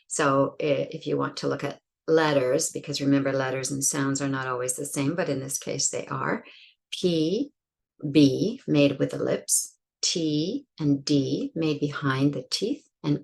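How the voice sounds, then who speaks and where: A woman's voice: low voice, creaky, breathy edge. A woman giving an English pronunciation lesson, demonstrating sounds and example words and thinking aloud with fillers. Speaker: pronunciation teacher.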